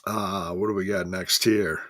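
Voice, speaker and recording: A man's voice: low-pitched, steady tone, measured pace, a bit bright, no echo, clean studio sound. A man hosting a casual solo wrestling review, rambling and correcting himself as he goes, chuckling now and then.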